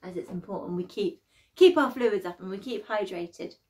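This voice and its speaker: A woman's voice: medium pitch, normal speed, a little mellow. A young woman leading a children's workout, upbeat and encouraging as she counts down the exercises. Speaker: workout instructor. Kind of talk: children's exercise class instruction. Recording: light background music.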